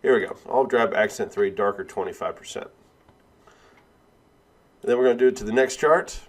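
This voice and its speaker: Man walking through a software tutorial. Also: lowish voice, fairly quick. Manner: steady step-by-step walkthrough, self-correcting. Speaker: instructor. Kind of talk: screen-recorded software tutorial.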